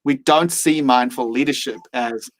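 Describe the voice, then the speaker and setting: A man's voice: medium pitch, a little slow, low-quality recording. A man speaking as a podcast guest, reflective and earnest, sometimes acting out his own inner voice. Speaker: mindfulness teacher and guest.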